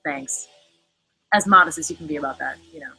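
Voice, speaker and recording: A woman chats on a livestream with a bright, sharp edge to a lowish voice. She rambles through viewer questions with lots of fillers and casual cursing, reacting as she goes. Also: rapid-fire, gravelly, husky, rough recording. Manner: chatty, fillers, frequent cursing; reads and answers viewer comments. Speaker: livestream host. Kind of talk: casual live chat.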